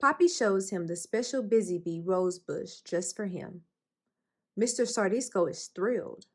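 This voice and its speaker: Woman reading a picture book aloud. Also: measured pace. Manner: expressive, lifts her voice high for the characters' lines. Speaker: storytime reader.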